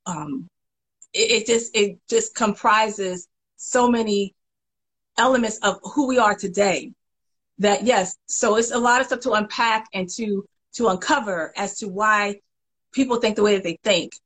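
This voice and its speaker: A woman hosting a casual chat, talking in an animated, emphatic way and often restarting her phrases. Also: mid-range voice, unhurried, husky, low-quality recording. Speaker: host.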